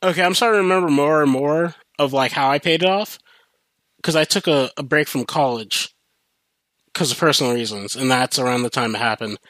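A man's voice: medium pitch, brisk, no room sound. Profane young man ranting casually. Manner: animated, profane, rambling with restarts. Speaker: podcast host. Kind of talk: casual storytelling rant.

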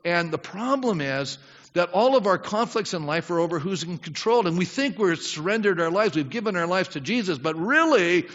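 A man's voice: high-pitched, animated, moderate pace, a bit bright. A middle-aged man preaching a sermon as pastor, talking conversationally, asking the congregation questions and acting out prayers. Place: church sanctuary with congregation. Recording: dull sound with long hall reverb.

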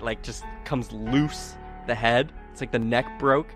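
A man narrating as game master in a tabletop game, animated and often laughing. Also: mid-range voice, unhurried, few pauses, soft background music.

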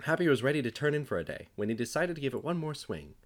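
A man's voice: medium pitch, very animated, fast. A young man, a podcast co-host, reading his comedic fan fiction aloud, acting out the dialogue and laughing at his own jokes.

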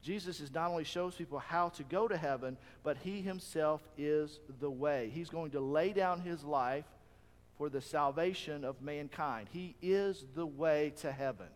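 Speaking at a measured pace, a pastor delivers an earnest sermon in a conversational style, continually putting rhetorical questions to those listening. His voice sits fairly high for a man, and the long reverb of a big hall surrounds it.

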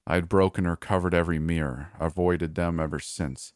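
A man reading a first-person horror story aloud in a measured, calm way. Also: sits low, no room sound, clean studio sound. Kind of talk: scripted horror narration.

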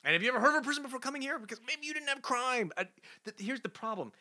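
A sarcastic man co-hosting a comic book podcast and picking apart the plot. His voice is bright and forceful, and it swings widely in pitch. He talks in a loose, mocking, conversational way. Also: lively intonation, rapid-fire. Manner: rhetorical questioning. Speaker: podcast co-host. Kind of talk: casual comic book review chat.

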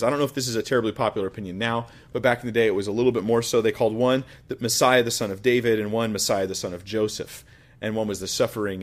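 A male pastor with a mid-range voice teaches scripture in a relaxed, conversational way. He mixes joking asides with his teaching. His delivery swings from loud emphasis down to quiet remarks. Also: medium pitch. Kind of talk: Bible-teaching sermon.

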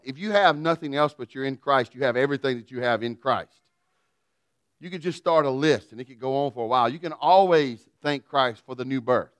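A man delivers a sermon in a relaxed, folksy way, mixing humor and everyday stories into his preaching. His voice is smooth and resonant, and the recording is close and dry with no room echo. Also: mid-range voice. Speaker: pastor.

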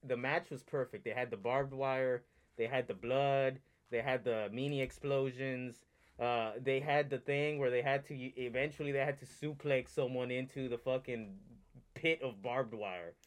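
A man co-hosting a wrestling podcast, recapping a match in an animated, heavily profane rant. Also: mid-range voice, moderate pace. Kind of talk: casual chat, heated recap.

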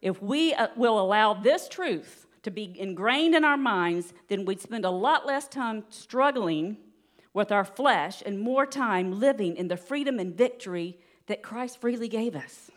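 A woman giving a sermon in an earnest, steady teaching manner, with light laughs now and then. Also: mid-range voice, unhurried. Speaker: preacher.

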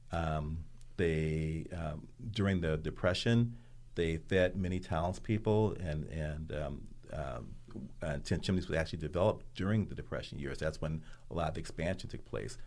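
Deep-voiced man explaining history. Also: darkish tone. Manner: explaining, many fillers. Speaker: guest, theater president. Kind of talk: casual radio chat.

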